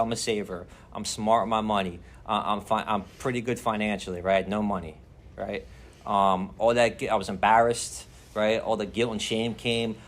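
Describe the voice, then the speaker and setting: A young man telling his addiction story at a recovery meeting, talking loose and streetwise. He swears freely and keeps checking in with "right?" and "you know what I'm saying?" His voice sits at an ordinary middle pitch for a man. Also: a bit bright. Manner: rambling, profane, streetwise slang with constant "like" and "right?". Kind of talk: personal recovery share.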